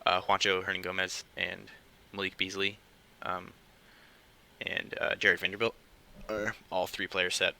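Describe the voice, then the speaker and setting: A young man hosting his own casual podcast, talking quietly and hesitantly at home late at night, with many fillers. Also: sits low, little pitch movement, unhurried, gravelly, low-quality recording. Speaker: podcast host. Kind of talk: casual solo podcast talk.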